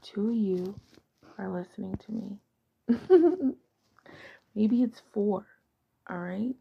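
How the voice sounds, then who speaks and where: Slow, gravelly, half-whispering woman. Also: mid-range voice, muffled recording. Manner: soft, often half-whispered, rambling. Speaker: podcast host. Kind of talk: casual chat.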